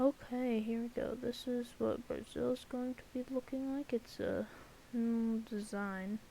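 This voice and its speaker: A woman's voice: a little high, measured pace, very noisy. A woman giving casual, rambling commentary over an alternate-history map, joking and full of fillers and sound effects. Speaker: channel host.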